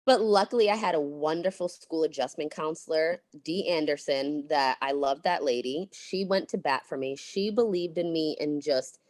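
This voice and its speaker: A woman's voice: sits low, moderate pace, few pauses, a little mellow, no room sound. A woman in her thirties, a podcast guest telling her story bluntly and candidly, swearing freely.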